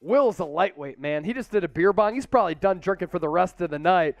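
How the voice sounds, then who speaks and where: A man hosting a live sports watch party, calling plays and cheering loudly. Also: high voice, a little fast, dry recording, soft background music. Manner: excitable, shouts chants and play-by-play calls. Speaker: host.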